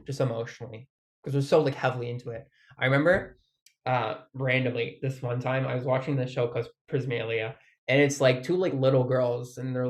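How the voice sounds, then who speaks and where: Man, vlogger, casual rambling monologue, mid pitch, lots of "like", swears, laughs often.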